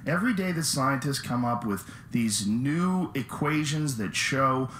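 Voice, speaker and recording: A man's voice: medium pitch, lively intonation, measured pace, a bit bright, echoey room, slight background noise. A man talking in a mocking, sarcastic tone, heard as a clip being reacted to. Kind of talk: stand-up style talk played in a reaction video.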